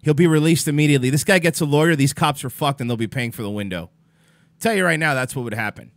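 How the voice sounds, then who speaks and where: Talking fast in a slightly high voice, a livestream host vents at his chat in a casual, profane rant. He's exasperated, swears freely and calls viewers out by name, and the recording has no echo.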